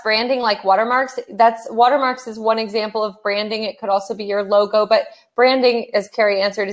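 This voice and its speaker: Upbeat Southern Californian woman coaching. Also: mid-range voice. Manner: upbeat, coaching, addresses listeners as "you guys". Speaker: co-presenter of the webinar. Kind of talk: casual webinar teaching.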